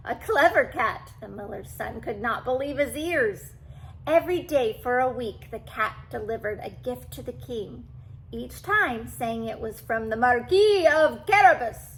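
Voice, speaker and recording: An older woman reading a classic storybook aloud to children, animated and stopping for asides to the listener. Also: fairly high pitch, a little slow, slight background noise, low-quality recording.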